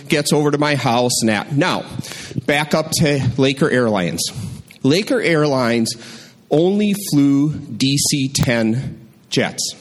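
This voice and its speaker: Man, live storyteller, dry conversational delivery, mid pitch. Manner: conversational, wry and deadpan.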